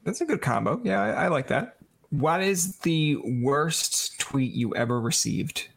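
A man's voice: fairly high pitch, unhurried, creaky. A man hosting a podcast who chats casually and animatedly, acting out the voices of people in his stories. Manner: animated storyteller, acts out quoted voices. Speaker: podcast host.

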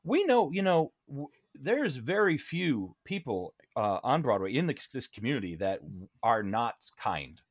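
Talking a little slowly, this Broadway actor relaxes into anecdotes during an interview. He gets animated when voicing quotes, jumping sharply up and down in pitch. The recording is dry and studio-clean.

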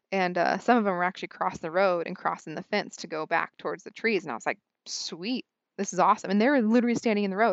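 Young woman, podcast guest, low-ish voice, animated storyteller, dry lo-fi sound. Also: no room sound. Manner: animated, frequent "like", acts out her own thoughts. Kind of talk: casual storytelling.

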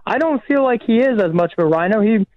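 A man's voice: high voice, lively intonation, fast, muffled recording. A man calling in to a radio show, talking hesitantly with stumbling restarts. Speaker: caller. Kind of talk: call-in radio caller.

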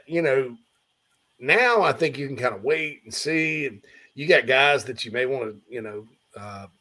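A man's voice: mid-range voice, a bit bright. Man hosting a sports talk show. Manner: conversational, reads listener questions aloud.

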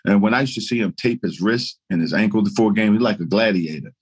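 A man, a guest telling lively stories in casual chat and laughing through them. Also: lowish voice, fast talker, breathy edge. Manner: animated storyteller, laughing through anecdotes. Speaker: guest, retired basketball player.

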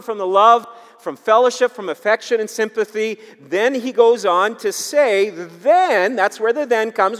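A male pastor preaching a sermon, emphatic and repetitive, swinging between loud urging and quiet asides. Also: high voice. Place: church sanctuary. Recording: long hall reverb.

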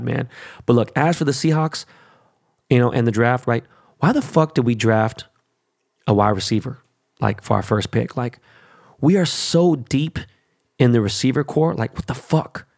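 Gravelly, profane man ranting casually. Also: medium pitch. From Korean descent stated, not origin. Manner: profane, rambling, hyped sports talk. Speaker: vlogger. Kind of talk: casual rant to camera.

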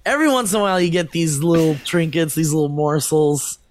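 A man co-hosting a casual comedy podcast, who laughs often and reads an online post aloud in an animated way. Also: brisk. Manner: animated, laughs often, pitch swings widely. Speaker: podcast co-host.

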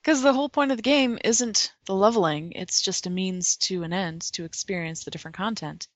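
A woman co-host chats casually and easily about games, her voice at a middle pitch. The sound is dry and close, and the audio is muffled and lo-fi. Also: a little fast, no room sound. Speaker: podcast co-host, blogger. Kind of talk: casual gaming podcast chat.

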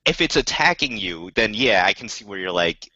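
A man on a podcast defending his side, his voice bright and full of movement. He laughs as he argues. The recording is dry and slightly dull. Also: fairly low pitch, lively intonation, moderate pace. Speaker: podcast co-host. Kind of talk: casual banter.

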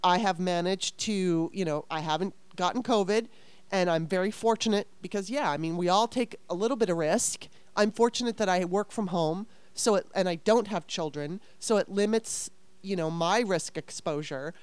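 A woman venting in a heated casual conversation, fast and exasperated, swearing often. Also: on the low side, a little mellow, clear, resonant tone, dry recording.

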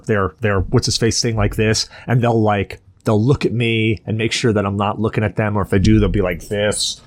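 A man's voice: fairly low pitch, no room sound, studio quality. A man hosting a podcast, telling a rambling, profane story in casual chat. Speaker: podcast host.

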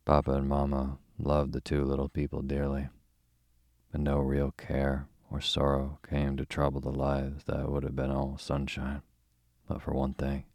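A young man hosting and narrating a bedtime story in a slow, calm, soothing way. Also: a bass voice, dry recording, clean studio sound.

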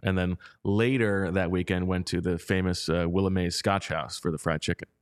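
A man's voice: sits low, fairly even intonation, moderate pace, clear, resonant tone. A man hosting a casual sports talk show, with a dry, teasing way of talking. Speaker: podcast host.

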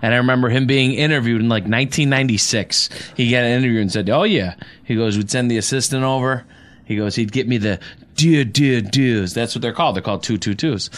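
A man's voice: medium pitch, fairly even intonation, fast, fairly bright tone. A man co-hosting a casual sports podcast, blunt and wry as he tells stories.

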